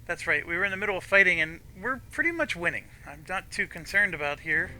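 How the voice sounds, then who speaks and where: A man's voice: high voice, fast talker, bright, forceful tone. A middle-aged man casually commenting as he plays a game, thinking aloud with small restarts. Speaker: gameplay commentator. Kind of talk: casual let's-play commentary. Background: faint game music.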